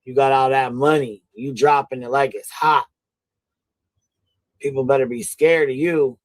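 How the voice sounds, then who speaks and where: A man on a livestream panel, chatting loudly with jokes and cursing. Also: medium pitch, steady tone, a little slow, dry recording. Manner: loud, profane, joking. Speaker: panel guest. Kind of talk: casual livestream chat.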